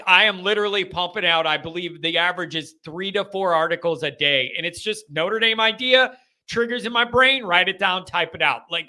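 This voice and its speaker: A young man hosting a live call-in fan show, ranting and joking in an animated way. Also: sits high.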